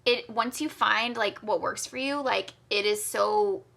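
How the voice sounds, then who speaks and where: Gravelly, bright-voiced woman co-host. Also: medium pitch, unhurried. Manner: candid, filler-heavy, frequent "like". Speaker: podcast co-host. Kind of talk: casual conversational chat.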